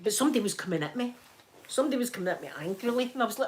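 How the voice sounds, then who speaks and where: A woman's voice: on the high side, animated, racing. A Scottish woman from Scotland hosting a casual ASMR live stream from home while ironing, chatty and often laughing as she talks to viewers. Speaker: ASMR livestream host.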